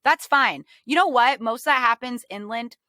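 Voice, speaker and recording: A woman hosting a podcast in casual chat, animated and joking, swearing now and then. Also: a little high, normal speed, dry recording. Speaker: podcast host.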